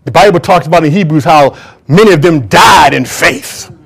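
High-voiced emphatic preacher man. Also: normal speed, gravelly, breathy edge. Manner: emphatic preaching with call-and-response. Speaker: pastor. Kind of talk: sermon. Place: church before a congregation.

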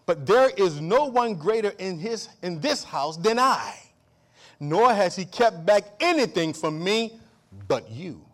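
Guy preaching a sermon, pretty high voice, gets loud then drops real quiet, keeps asking for amen. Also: very animated, measured pace. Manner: swings between loud exclamations and low hushed asides; repeats and restarts phrases, calls for amen. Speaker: pastor.

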